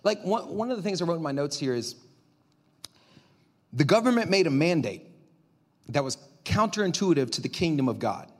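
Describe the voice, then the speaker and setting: A male pastor preaching a sermon in an animated, conversational way, swinging from loud to quiet. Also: on the high side, moderate pace, long pauses.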